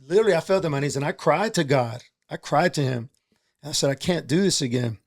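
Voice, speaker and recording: Middle-aged man, raised voice, gravelly, candid streetwise storyteller on a podcast. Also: a little high, lively intonation, fast. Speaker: podcast guest, entrepreneur. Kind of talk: casual storytelling chat.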